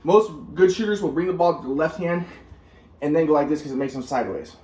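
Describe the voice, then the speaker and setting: A man's voice: fairly high pitch, lively intonation, fast talker, noisy background. A man telling his own story in a rambling way, restarting sentences and repeating words. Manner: acts out quotes of others. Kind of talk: casual storytelling monologue.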